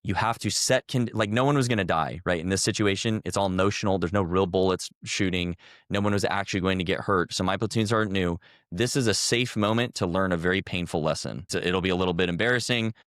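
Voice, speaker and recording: Low smooth voice, guy in his 30s telling a war training story earnestly, dry sound. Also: fast talker, fairly bright tone, no echo. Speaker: guest, former army officer and coach. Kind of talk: telling a story in a podcast interview.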